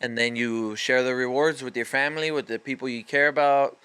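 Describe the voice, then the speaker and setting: A man's voice: medium pitch, fairly even intonation, brisk, pushed and bright, clean tone. A man hosting a solo podcast, delivering a profane, fired-up motivational rant in casual street slang. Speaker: podcast host.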